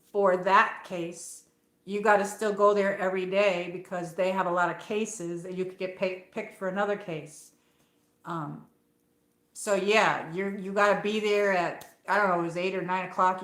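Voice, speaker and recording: A woman's voice: mid-range voice, a bit bright. Chatty upstate New York woman in an echoey room. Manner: rambling storytelling, frequent fillers and swearing. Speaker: livestream host. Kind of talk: casual chat. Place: home, late at night. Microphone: phone.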